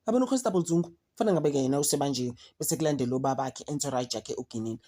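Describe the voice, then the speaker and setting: Low-voiced outspoken South African woman. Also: rapid-fire. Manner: outspoken, exasperated, animated. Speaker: commentary vlogger. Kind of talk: casual commentary mixing English and Zulu.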